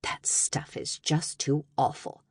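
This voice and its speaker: A woman's voice: sits low, expressive, brisk, a little mellow, breathy edge, no room sound, clean studio sound. A woman voicing a playful, theatrical middle-aged mother in an audiobook, coaxing and doting. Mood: sighing. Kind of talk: audiobook character voice.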